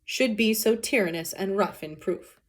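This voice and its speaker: A woman's voice: medium pitch, normal speed, lightly acted. A woman reading the lines of a patient, teasing young male cousin in old verse. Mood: coaxing.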